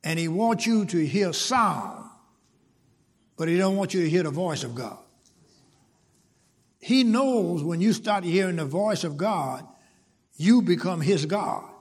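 A man's voice: sits high, expressive, slow pace, long pauses, breathy edge, in a large hall. A man preaching a sermon, repeating words and building to emphatic points. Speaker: pastor.

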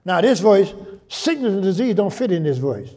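A man preaching a sermon in church, his voice high and swinging widely in pitch. He repeats his lines for emphasis and climbs into shouted call-and-response with the congregation. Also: very animated, moderate pace.

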